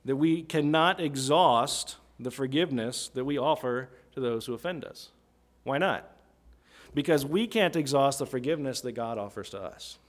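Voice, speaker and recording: A man's voice: mid-range voice, normal speed. A man preaching a sermon in a conversational way, often asking his listeners "right?" as he explains a passage. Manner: conversational, asks listeners questions, tag "right?".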